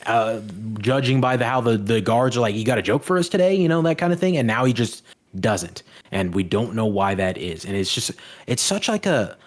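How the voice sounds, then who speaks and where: A man's voice: medium pitch, expressive, fairly quick. A man co-hosting a podcast, reviewing a film in casual chat, hesitant and often restarting his sentences. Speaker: podcast co-host.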